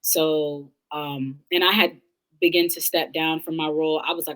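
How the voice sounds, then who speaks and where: Woman, young adult, slightly low voice, interview guest, earnest, casual candid talk. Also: steady tone, normal speed, fairly bright tone, rough recording. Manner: earnest, thoughtful, speaks in long run-on reflections with restarts.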